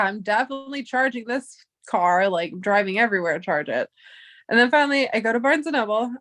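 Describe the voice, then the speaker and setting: A woman's voice: mid-range voice, fairly bright tone. A young woman vlogger telling a story in a chatty, exasperated way, swearing freely. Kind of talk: casual storytime vlog.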